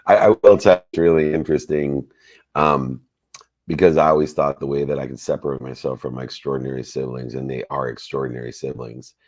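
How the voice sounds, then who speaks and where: Very deep-voiced motivational man in his 50s. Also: flat delivery, a little fast, no echo. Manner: warm, effusive, motivational. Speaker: coach and host. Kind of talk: live Q&A talk on a call.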